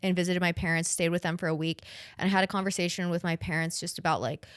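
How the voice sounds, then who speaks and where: Hosting a podcast, a young woman rattles along fast in casual conversation, rambling, swearing and saying "like" a lot. Her lowish voice is clear and resonant but flat in delivery, with clean studio sound and no room sound.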